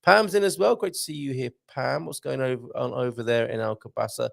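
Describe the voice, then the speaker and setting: A man's voice: medium pitch, fairly quick, vocal fry, fairly bright tone, no echo, clean studio sound. A man hosting a live show in a casual, jokey way, reading out viewer comments and adding chatty asides. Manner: chatty, jokey, reads messages aloud with asides.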